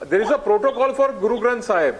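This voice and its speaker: A man's voice: sits high, expressive, fast. A man with an Indian accent speaking as a panelist in a televised debate, impassioned and stammering as he pushes into his points.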